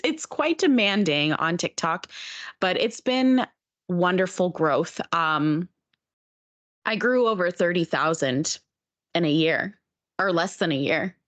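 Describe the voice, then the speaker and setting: A woman's voice: lowish voice, sing-song, takes it slowly, a bit bright, muffled recording. A woman from Oregon, a streamer and dancer, chatting as a podcast guest and laughing often. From Oregon, USA. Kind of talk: casual podcast chat.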